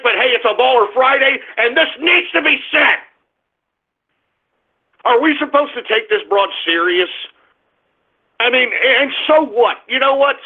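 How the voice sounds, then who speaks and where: A man hosts a solo radio talk show, his voice pitched high for a man. He rants crudely and combatively, rambling and repeating himself. The sound is narrow and phone-like. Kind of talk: opinionated solo radio rant. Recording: phone-like narrow band audio.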